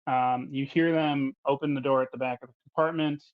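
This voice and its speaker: A man narrating a tabletop game as game master, in a casual, halting way with many fillers. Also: medium pitch, steady tone, no room sound. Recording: dull, dry audio.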